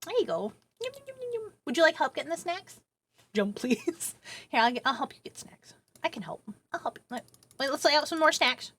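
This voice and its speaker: A woman streaming a casual late-night chat from her home setup into a boom arm mic, rambling and swearing casually. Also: lively intonation, fairly quick, a bit bright. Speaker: livestreamer.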